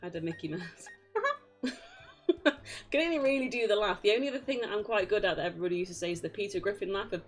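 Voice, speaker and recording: A woman's voice: medium pitch, quick pace, pauses often, soft background music. A young British woman chatting casually on a live game stream, laughing often and poking fun at herself. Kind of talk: casual live-stream chat while gaming.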